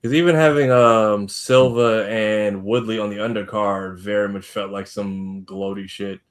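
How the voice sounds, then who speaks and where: Blunt man with a low voice. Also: steady tone, unhurried. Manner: blunt, wry, swears casually. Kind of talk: casual podcast chat.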